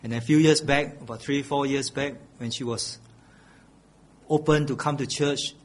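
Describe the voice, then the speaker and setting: A man's voice: medium pitch, steady tone, normal speed, a little hiss or hum. A middle-aged male pastor preaching a sermon, earnest and pleading, repeating his key phrases.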